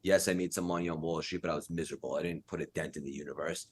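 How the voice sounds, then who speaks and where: A man's voice: a bass voice, fairly even intonation, very fast, slightly rough. A man hosting a podcast interview, earnest and encouraging in manner. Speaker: podcast host.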